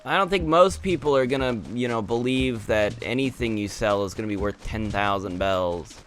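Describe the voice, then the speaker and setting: A man's voice: medium pitch, normal speed. A young man giving casual commentary on his gameplay in a chatty, jokingly exasperated way. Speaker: gaming video creator.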